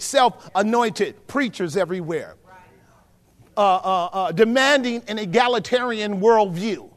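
A man preaching a sermon as pastor, swinging from hushed asides to shouts and calling on the congregation. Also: sits high. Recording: long hall reverb.

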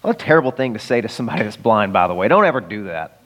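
Conversational preacher in a reverberant hall. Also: male voice, lowish voice, big pitch swings, racing, fairly bright tone, dull audio. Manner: conversational, acts out quoted voices. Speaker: pastor. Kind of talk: sermon.

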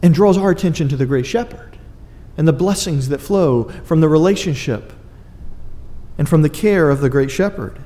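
A man's voice: fairly high pitch, moderate pace, warm tone, in a large hall. A man preaching a sermon, earnest and emphatic, with dry asides to his congregation. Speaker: pastor.

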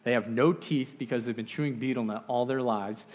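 Man preaching with lively storytelling. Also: medium pitch, brisk. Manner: animated storyteller, acts out voices, closes in quiet prayer. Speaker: missionary preacher. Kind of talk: sermon storytelling.

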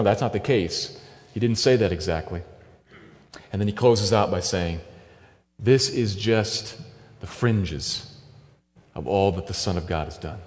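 A man's voice: deep voice, a little mellow, a little hiss or hum. A man preaching a sermon, earnest and emphatic, voicing quoted lines dramatically. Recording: long hall reverb.

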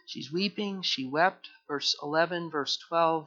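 A man preaching an expository sermon, earnest and repetitive, moving from hushed tones to fervent emphasis. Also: a little high, a little slow, few pauses, muffled recording. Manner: earnest, repeats words, swings from hushed to fervent. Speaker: pastor.

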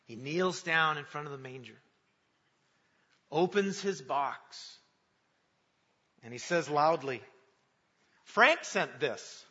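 Slow and a little high, with long pauses, this man preaches on Christmas Eve as pastor, praying warmly and telling a story earnestly. It's recorded with a dull sound in a large reverberant church.

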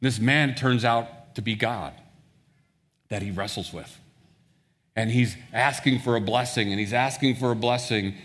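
A man's voice: medium pitch, fairly bright tone. Man preaching in an echoing hall. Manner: retells scripture story, acting out voices of characters. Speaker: pastor. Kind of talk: sermon. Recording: long reverb of a large hall.

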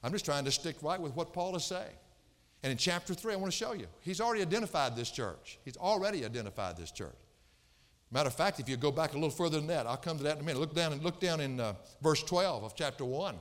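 A man preaching a sermon in a church sanctuary. His voice sits fairly high and swings widely in pitch, and he hammers his points home by repeating phrases. A long reverb from the large hall trails behind him. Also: a bit bright. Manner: emphatic, repeats phrases for stress. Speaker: pastor. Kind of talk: expository sermon.

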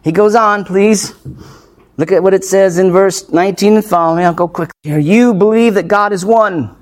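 At a moderate pace, a high-voiced male pastor works through an expository sermon. He's punchy and emphatic, firing off rhetorical questions and tossing in light-hearted asides with a laugh or two.

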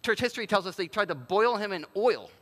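A man pastor giving a sermon in a conversational, animated way and acting out quotes. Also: sits high, fast talker, big-room sound.

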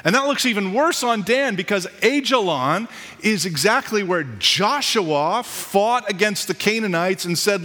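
A pastor preaching a sermon in a loose, conversational style, tossing in asides and jokes. His voice sits fairly high for a man, and a long hall reverb trails after each phrase. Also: expressive, measured pace, sharp tone.

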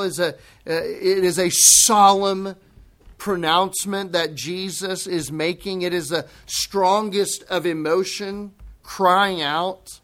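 A man preaching a sermon, emphatic, dropping low and quiet, then rising into loud, forceful bursts. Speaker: pastor.

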